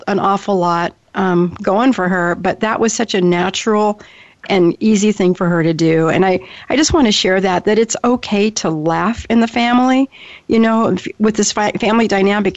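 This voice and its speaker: A woman's voice: mid-range voice, no echo. A woman co-hosting a radio talk show, telling a family story with frequent laughter. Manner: warm storytelling, laughs often. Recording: dull lo-fi radio audio.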